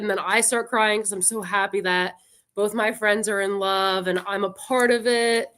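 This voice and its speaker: A woman's voice: medium pitch, steady tone, a little fast, fairly bright tone. A woman co-hosting a talk show, chatting earnestly and laughing easily. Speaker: guest co-host. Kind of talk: casual chat.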